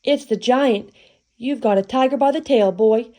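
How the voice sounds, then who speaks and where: A woman's voice: fairly high pitch, normal speed, mellow, natural voice. A woman voicing a lonesome, sassy female jukebox in a storybook reading, full of country-song sayings. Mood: urgent.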